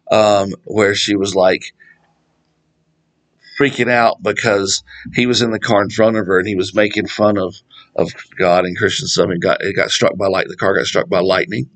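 A middle-aged man giving a casual Bible study talk, animated and digressive, laughing at his own jokes. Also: on the low side, poor audio. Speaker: Bible teacher.

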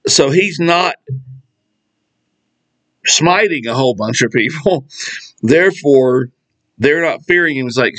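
A middle-aged man giving a casual Bible study talk, animated and digressive, laughing at his own jokes. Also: a little high, takes it slowly, long pauses, low-quality recording. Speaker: Bible teacher.

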